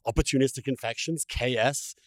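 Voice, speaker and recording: A man's voice: mid-range voice, a little fast, dry recording. A man hosting a podcast, wry and darkly humorous, chuckling as he tells a story. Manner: wry, darkly humorous, laughs while talking. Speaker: podcast host. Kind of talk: casual conversation.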